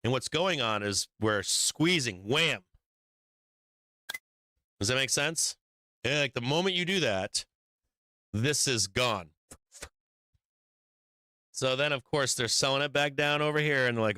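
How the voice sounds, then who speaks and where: Bright, crisp-voiced man talking market charts. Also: medium pitch, unhurried, pauses often, no room sound. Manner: profane, rambling, explains charts on the fly. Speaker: stock market livestream host. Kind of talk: casual live market commentary.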